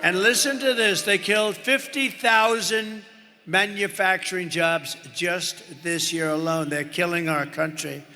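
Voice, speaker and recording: A man with a bright, gravelly, slightly high voice addresses a large indoor arena. He rambles and boasts, breaking off for asides to the crowd. The sound carries a long reverb, with a faint crowd murmur behind him. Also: steady tone, unhurried, slight background noise. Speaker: political candidate at a rally. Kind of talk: rally speech. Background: cheering crowd.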